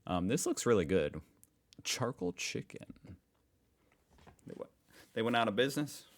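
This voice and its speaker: A man's voice: on the low side, very animated, fast talker. A middle-aged American man in the United States, hosting a reaction video and musing aloud in a casual, amused way. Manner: musing, amused, thinks aloud with frequent fillers.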